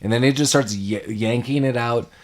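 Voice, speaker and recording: A man in a middle register hosts a relaxed movie discussion. He talks in an animated way, laughs easily, and slips into quoted lines from scenes as he recaps them. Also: medium pitch, normal speed. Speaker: podcast host.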